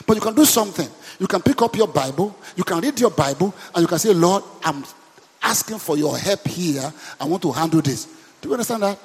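A man's voice: high voice, lively intonation, a little fast, breathy edge. A man preaching a sermon as pastor, calling out questions to his congregation and urging them to answer back. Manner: call-and-response preaching, repeated questions to the congregation. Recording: long hall reverb.

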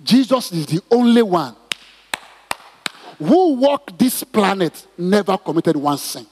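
Male pastor, middle-aged, high husky voice, emphatic sermon, long hall reverb. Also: takes it slowly. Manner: emphatic, repetitive, animated preaching with stammered restarts.

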